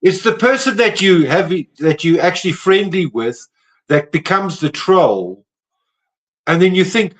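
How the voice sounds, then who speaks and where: A man chatting as a guest on a live stream, calling the host darling. He speaks slowly and in a fairly high voice. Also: lively intonation. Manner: unhurried, chatty, calls people darling. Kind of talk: casual live-stream chat.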